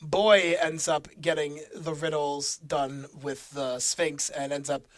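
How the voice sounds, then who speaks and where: A man's voice: fairly high pitch, level tone, takes it slowly, no room sound. A man co-hosting a casual podcast, recapping episodes with frequent laughs and fillers. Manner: laughs often, fillers and restarts while recapping plot. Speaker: podcast co-host.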